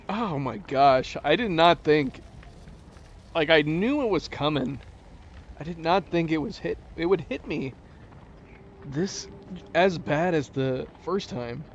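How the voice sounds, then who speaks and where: A man commenting on a game he is playing, emotional and halting, his talk rambling as he searches for words. His voice is fairly high and swings widely in pitch, and he speaks slowly. The recording is a little dull, with faint noise behind him. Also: lively intonation. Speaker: gaming channel host. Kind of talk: emotional let's play commentary.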